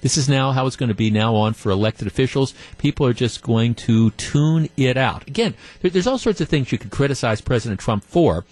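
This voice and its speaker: A man's voice: mid-range voice, animated, brisk, few pauses, darkish tone, dry recording. Man hosting a talk radio show. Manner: conversational, with many restarts and repeated words. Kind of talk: talk radio commentary with callers. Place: radio studio.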